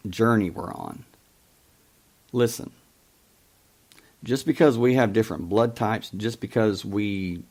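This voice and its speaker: Male call-in talk host, middle-aged, deliberate slow storyteller, lower register. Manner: storytelling, quoting past conversations, emphatic. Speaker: radio show host. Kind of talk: call-in talk show monologue.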